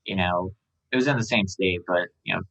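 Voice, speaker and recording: A startup founder talking casually in an interview, relaxed and rambling, with many fillers. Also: male voice, low-pitched, fairly quick, vocal fry, muffled recording. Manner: relaxed, filler-heavy, lots of "um" and "like".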